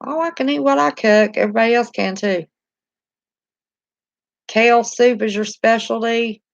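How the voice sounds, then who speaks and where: A woman's voice: a little high, normal speed, gravelly, dry recording, lo-fi sound. Chatty Southern woman live-streaming. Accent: Southern American. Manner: chatty, homey, laughs easily. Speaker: channel host reading live chat. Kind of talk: casual live-stream chat.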